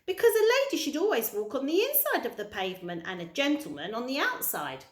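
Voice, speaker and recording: A woman voicing a kindly, polite old male tramp with gentle, old-fashioned manners, in a roomy-sounding recording. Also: high-pitched, big pitch swings, fairly quick. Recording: roomy echo.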